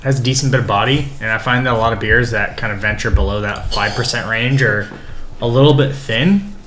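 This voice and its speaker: A man's voice: mid-range voice, a little fast, fairly bright tone. A man co-hosting a casual podcast, describing the taste of a beer in playful detail. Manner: descriptive tasting notes, playful. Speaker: podcast co-host. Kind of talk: casual beer review chat. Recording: roomy room with faint noise.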